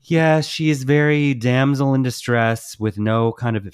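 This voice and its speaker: A man's voice: medium pitch, smooth, no room sound, clean studio sound. A man co-hosting a film review podcast, chatty and opinionated in casual talk. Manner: chatty, quick opinions, many fillers. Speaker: podcast co-host.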